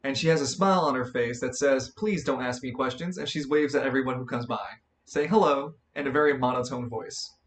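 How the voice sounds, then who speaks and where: A man's voice: mid-range voice, a little fast, few pauses. Rambling young male game master. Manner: rambling narration, many fillers and restarts. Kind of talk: narrating a tabletop role-play.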